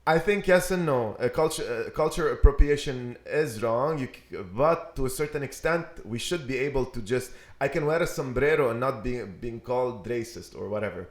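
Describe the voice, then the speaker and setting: A man from Lebanon chatting casually on a podcast, often hesitating and restarting his sentences. He throws in cheeky swearing and sits at a middle pitch. The room around him rings with noticeable echo. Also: lively intonation, moderate pace, few pauses. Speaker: podcast co-host. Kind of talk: casual chat. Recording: roomy echo.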